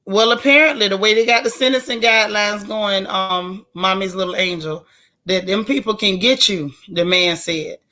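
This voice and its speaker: A woman hosts a live stream. She talks in a folksy, outspoken way and answers viewer comments as she goes. Her pitch sits in the middle range. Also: normal speed, bright, forceful tone. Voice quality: raspy. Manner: chatty, folksy and outspoken, with Southern colloquial phrasing. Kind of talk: casual live-stream chat.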